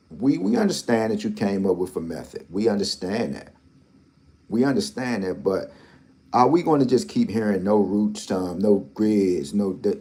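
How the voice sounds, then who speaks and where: A man's voice: lowish voice, dark tone. A man hosting a lottery channel, talking in a rambling, repetitive, teasing way with speech. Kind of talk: casual commentary.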